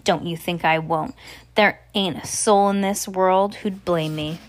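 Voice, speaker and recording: A woman's voice: lowish voice, fairly even intonation, a little slow, lightly acted. A woman reading the part of a fed-up farm wife holding a pistol, speaking firmly and threateningly. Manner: firm, threatening.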